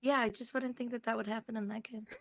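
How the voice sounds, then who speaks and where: Bright-voiced woman reacting in chat. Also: a little high, fairly even intonation, fast talker, gravelly. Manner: reactive listener, short interjections. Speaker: podcast co-host. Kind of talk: casual chat.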